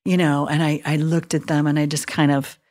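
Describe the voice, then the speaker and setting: A woman's voice: low-pitched, flat delivery, brisk, darkish tone. A middle-aged woman, a hospital chaplain, telling an emotional story in a casual podcast chat and acting out what she thought and said. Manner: earnest, emotional storytelling with acted-out inner voices.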